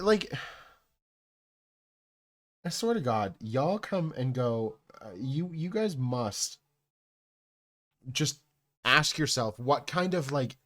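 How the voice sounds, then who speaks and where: A man's voice: mid-range voice, a bit bright. A young man chatting casually on a live stream, telling a rambling story full of swearing and asides to his chat.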